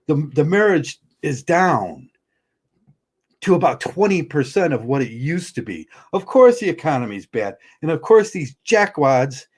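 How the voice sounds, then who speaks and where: A man's voice: a little high, very animated, a little slow, slightly rough. A man hosting a livestream, ranting heatedly and bluntly, often stumbling and restarting his words. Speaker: livestream host.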